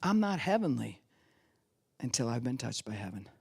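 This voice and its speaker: Lively, low-voiced woman pastor preaching. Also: moderate pace, gravelly, breathy edge. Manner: animated, laughs often, acts out quoted voices. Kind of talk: sermon.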